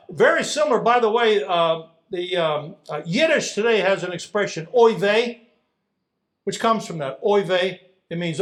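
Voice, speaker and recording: Male pastor, high and very lively voice, expressive sermon delivery, hushed to booming. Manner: animated, swings from hushed to loud emphatic delivery.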